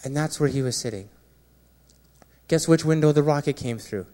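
A man, a former Marine, sharing an earnest personal testimony with a gathering, often dropping quiet and low at painful moments. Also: normal speed. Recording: long reverb of a large hall.

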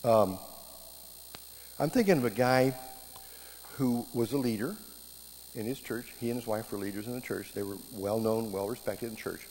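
A middle-aged man giving a sermon, telling stories with lively quoted voices. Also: mid-range voice, moderate pace, pauses often. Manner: animated storytelling, voices quoted speakers. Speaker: preacher teaching marriage classes. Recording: long hall reverb, faint background noise.

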